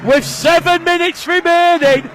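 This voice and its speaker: A man calling a live rugby league match, his voice rising to shouts on big plays. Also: very high-pitched, fairly even intonation, measured pace. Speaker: play-by-play commentator. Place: stadium commentary position. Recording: broadcast with crowd and ambient noise. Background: crowd noise.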